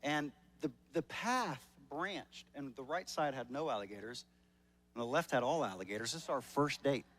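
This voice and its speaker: A man's voice: medium pitch, lively intonation, moderate pace, fairly bright tone. A male pastor preaching a sermon at a church service in a conversational, joking way, often repeating words as he starts a sentence.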